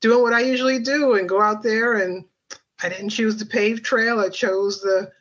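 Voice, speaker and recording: A woman guest on a podcast recalls her story in a chatty, rambling way, full of fillers and asides. Her voice sits at a middling pitch. It comes through a slightly dull, lo-fi line. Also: steady tone, normal speed. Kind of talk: personal storytelling.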